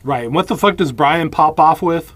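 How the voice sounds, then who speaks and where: A man's voice: on the high side, normal speed, fairly bright tone. A man co-hosting a podcast, chatting about a film with wry humor, often laughing and quoting scenes. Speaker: podcast co-host. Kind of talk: casual movie recap chat.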